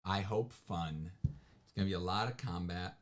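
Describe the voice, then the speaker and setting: A man's voice: sits low, moderate pace. A man co-hosting a livestream, chatting casually and rambling, often trailing off with fillers. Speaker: livestream co-host. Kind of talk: casual chat.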